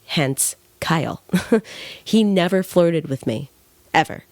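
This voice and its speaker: A woman's voice: on the low side, lively intonation, slow, a little mellow, no room sound. A young woman hosting a podcast, talking bluntly in a heated, casual monologue and swearing freely. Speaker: podcast host.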